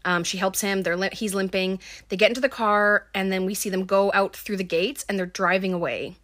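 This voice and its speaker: A woman's voice: mid-range voice, fairly even intonation, brisk, fairly bright tone. A woman casually recapping a horror film, talking with lots of "um" and "like.". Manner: filler-heavy, lots of um and like.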